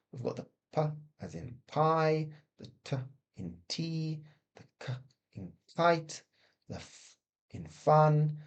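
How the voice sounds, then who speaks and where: Slow, careful British English teacher, man. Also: mid-range voice. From Britain. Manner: slow, deliberate, exaggerated mouth shapes when modelling sounds. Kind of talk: pronunciation lesson.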